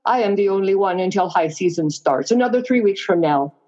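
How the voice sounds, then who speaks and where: A woman's voice: medium pitch, lively intonation, brisk, dark tone, close to an everyday voice. A woman voicing a young French waitress with a French accent, giving brief, polite answers. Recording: dull lo-fi recording.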